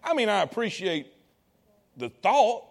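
Male preacher, high tenor voice, calls out to the congregation, drops low then rises loud. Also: very animated, a little slow, creaky. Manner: call-and-response preaching to congregation. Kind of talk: sermon.

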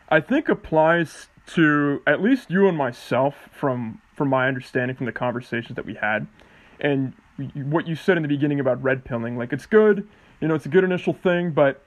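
Rambling man on a dull lo-fi mic. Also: a little high. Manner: rambling, hesitant, swearing. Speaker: podcast host. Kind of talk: casual podcast chat.

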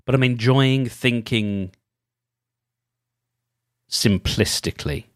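A man's voice: medium pitch, slow, no room sound, clean studio sound. A man talking alone in a casual, rambling monologue, often restarting his sentences and thinking aloud. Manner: rambling, full of restarts and "you know".

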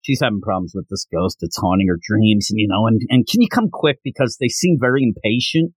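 A smug, bluffing fake psychic , put on by a man reading a manga aloud. He speaks in a dropped, low register with offhand fillers and a dry, close sound. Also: brisk, husky, dry recording. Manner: casual offhand retelling with fillers.

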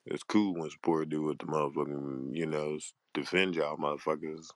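A man's voice: rumbling low, fairly even intonation, no echo. A man who hosts panels, venting in a heated, profane and exasperated rant. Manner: profane, heated and exasperated, with a drawn-out tired delivery. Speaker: panel host. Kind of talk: angry livestream rant.

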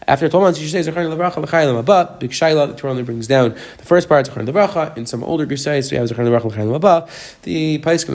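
Rapid-fire man teaching Talmud. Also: fairly high pitch. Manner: reads Aramaic text then explains in English, rapid. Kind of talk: daily Talmud page lesson.

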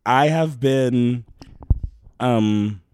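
A young man with a hoarse, strained voice that he has mostly lost, chatting casually as a podcast co-host and sometimes cracking into high shouts. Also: extremely slow, no echo. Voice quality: strained, croaky. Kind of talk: casual chat.

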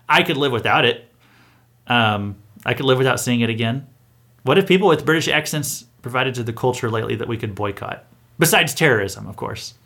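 A man's voice: mid-range voice, sharp tone. A man hosting a satirical news show, delivering a mock-earnest, sarcastic monologue with hesitant restarts.

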